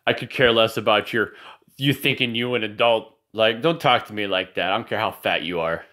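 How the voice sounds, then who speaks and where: With a lowish, sharp-toned voice and a fairly quick pace, a man films a video message for his family at home in a nightlit room. His talk wanders between thoughts, is peppered with apologies, and sometimes slips into swearing and rants.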